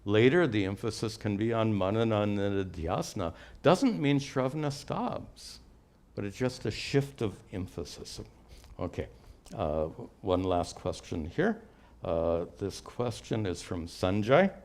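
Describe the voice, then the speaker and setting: An older man with a very deep voice explains spiritual teachings to students. He speaks patiently and walks through each idea step by step, with touches of gentle humor. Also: animated, a little slow. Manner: patient, explanatory, lightly joking. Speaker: spiritual teacher answering questions. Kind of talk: live Q&A teaching.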